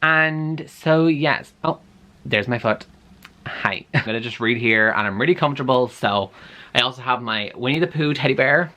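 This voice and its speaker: A young man chatting casually in a reading vlog, animated and dramatically exasperated. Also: medium pitch, moderate pace. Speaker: book vlogger.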